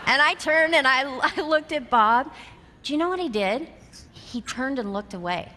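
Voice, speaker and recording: Woman, 50s, motivational keynote speaker, vivid storyteller with a crisp, bright tone, recorded in a reverberant hall with faint noise. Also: sits high, moderate pace. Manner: animated storyteller who acts out quoted dialogue. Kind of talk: storytelling keynote talk to a live audience. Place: large hall with an audience.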